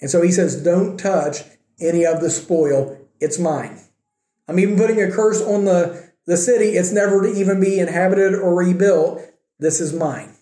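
A man preaches a sermon, and he acts out the quoted speakers in his own voice. His voice sits high and sounds mellow. The room around him is echoey. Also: fairly even intonation, normal speed. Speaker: pastor.

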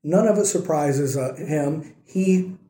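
A man's voice: fairly high pitch, slow, warm tone. A man preaching a sermon in a conversational way, acting out the quoted lines as he tells the story. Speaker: pastor. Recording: echoey room.

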